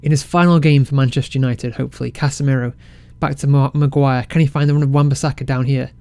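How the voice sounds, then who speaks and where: A man casually commentating his football management game, excitable and self-mocking. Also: mid-range voice, fast, vocal fry, no echo. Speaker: game let's-play creator.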